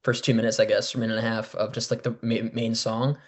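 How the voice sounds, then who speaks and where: Young guy cohosting a chill podcast, animated, swears a bit, lots of likes and ums. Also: medium pitch, quick pace. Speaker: podcast co-host. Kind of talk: casual chat.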